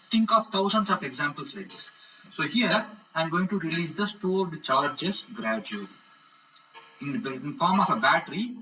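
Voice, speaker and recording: Male teacher, slightly high voice, distant mic with music underneath, keeps asking "correct?". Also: pushed and bright. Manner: repeats "correct?" to check understanding. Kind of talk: explanatory lecture.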